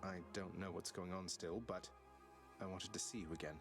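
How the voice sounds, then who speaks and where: An actor playing an earnest young prince of the underworld in a video game, asking searching questions. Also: male voice, sits low, fairly even intonation, moderate pace, creaky, music in the background.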